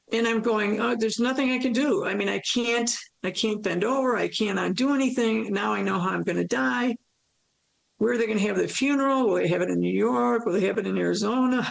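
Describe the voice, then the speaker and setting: A woman recounting a near-death experience in an interview, animated and storytelling, acting out her own thoughts and laughing often. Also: medium pitch, creaky, rough recording.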